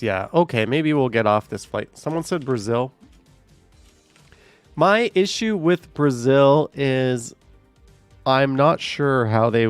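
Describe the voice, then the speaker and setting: A man's voice: mid-range voice, vocal fry, dry recording. A man live-streaming, chatting casually and reading viewer comments aloud, musing in a rambling way with lots of fillers. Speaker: live-streaming walking vlogger.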